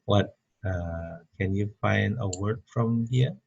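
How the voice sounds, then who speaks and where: Slow, gravelly man teaching English. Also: fairly low pitch, darkish tone, lo-fi sound. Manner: slow, repeats words, many fillers. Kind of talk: online grammar lesson.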